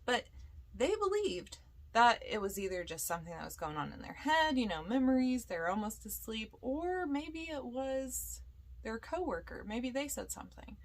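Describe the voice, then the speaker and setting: A woman's voice: a little high, sing-song, moderate pace. A young woman, a podcast host and paranormal investigator, telling a ghost story in a loose, chatty way with lots of fillers and acted-out quotes. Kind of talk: casual storytelling.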